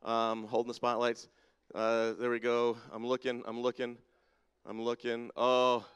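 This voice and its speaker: A man's voice: mid-range voice, monotone, unhurried, a bit bright, clear, resonant tone, lo-fi sound. A man leading a playful congregation activity in a church sanctuary, teasing people and calling them down by name. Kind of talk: leading a playful audience-participation segment. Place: large church sanctuary with balcony and spotlights. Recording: long reverb of a big hall.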